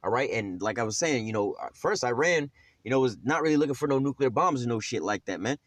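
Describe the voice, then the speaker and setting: A man teaching scripture at a quick clip, loose and streetwise, heavy with slang and cursing. He trails off in fillers and restarts. The sound is dry and close. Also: mid-range voice, animated, dry recording. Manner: streetwise, profane, rambling with many fillers.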